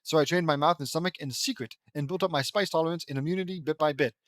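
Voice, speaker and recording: A man's voice: on the high side, fast talker, fairly bright tone, no room sound, clean studio sound, natural voice. A man voicing a teenage boy who boasts plainly about training for spicy food. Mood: boastful. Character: teenage boy, proud hot-sauce lover.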